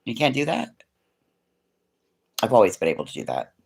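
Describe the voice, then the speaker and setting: Casting: chatty home vlogger, a woman with a lively, swooping delivery; loose, frank and sweary. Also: extremely low pitch, moderate pace, vocal fry, husky. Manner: rambling, frank, swears freely. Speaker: vlogger chatting with live viewers. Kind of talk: casual livestream chat. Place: at home indoors, living room.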